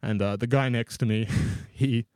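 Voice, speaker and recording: This young co-host's casual storytelling is a long, self-deprecating ramble punctuated by laughter. He talks at normal speed with fairly even intonation in a medium-pitched voice that's darkish, clear and resonant, captured in a dry studio recording.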